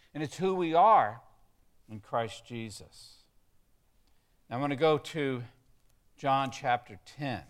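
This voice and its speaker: A pastor preaching a sermon. He stresses key words and gets the congregation to repeat lines back to him. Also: a little high. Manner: emphatic, leads the congregation in call-and-response.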